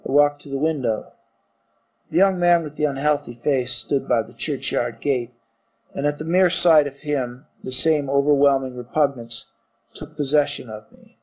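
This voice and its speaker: A man narrating a literary story in a measured reading voice. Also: mid-range voice, steady tone, darkish tone, slightly rough. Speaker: audiobook narrator. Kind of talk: scripted narration. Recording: dull muffled recording.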